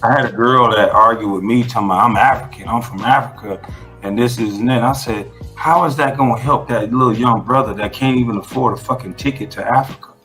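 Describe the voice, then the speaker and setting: A man's voice: medium pitch, fairly quick, fairly bright tone, soft background music. A man being interviewed who talks in a blunt, emphatic way and swears freely. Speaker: interview guest. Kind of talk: casual conversational interview.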